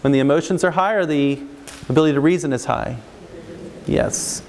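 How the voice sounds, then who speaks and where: A middle-aged man, a counselor giving a parenting talk to a live audience, lively and acting out parents and kids. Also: a little high, brisk, vocal fry. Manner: animated, acts out parents and kids in raised voices. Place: large hall with live audience. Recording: long reverb of a large hall.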